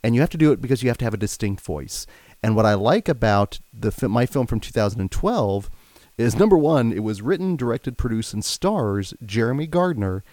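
A man's voice: medium pitch, animated, a little fast, a little mellow, no room sound. A man hosting a podcast who chats casually about films and steers the conversation along. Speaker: podcast host. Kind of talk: casual film chat.

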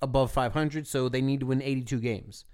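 A man's voice: mid-range voice, fairly even intonation, fairly quick, darkish tone, clean tone. A man co-hosting a podcast in casual chat, joking and swearing loosely. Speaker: podcast co-host.

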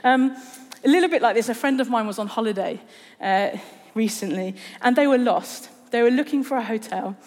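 A woman delivers a conversational sermon in a slightly high voice. She tells stories with humour and pokes fun at herself. Her words ring with the long reverb of a large church hall. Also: brisk, darkish tone. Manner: chatty, humorous, self-deprecating storytelling. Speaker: preacher.

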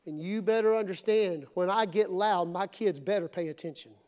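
A middle-aged man preaching a sermon to his congregation in church, dramatic, acting out voices and swinging between loud and hushed. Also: high-pitched, moderate pace. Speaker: pastor.

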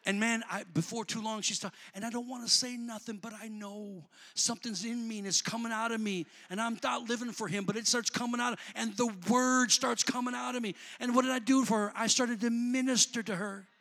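A man preaching a sermon, talking in a plain, colloquial way to the congregation and rising to shouts before dropping back to easy talk. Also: very high voice, steady tone, brisk, hardly any pauses. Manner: builds to shouting, then drops back to conversational.

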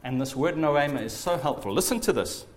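A man preaching a sermon in an earnest, animated way. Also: a little high, fairly quick.

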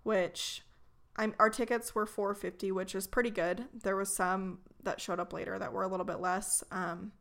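A woman's voice: mid-range voice, moderate pace, vocal fry. Young woman co-hosting, chatty travel tips, gets all mock-furious telling stories. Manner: animated, mock-outraged storytelling. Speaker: podcast co-host. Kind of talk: casual chat.

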